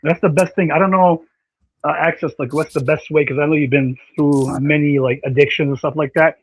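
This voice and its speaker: A man hosting a casual online panel chat, rambling and animated with many fillers. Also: fairly high pitch, brisk, slightly rough, no echo. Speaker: panel stream host. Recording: slightly dull dry audio.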